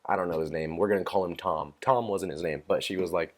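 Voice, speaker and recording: A young man tells a story on his solo podcast in a fairly low voice. He rambles, swears freely and fills every pause with fillers. He keeps laughing at his own anecdotes. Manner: amused, laughs at own stories. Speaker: podcast host. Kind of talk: casual solo rant.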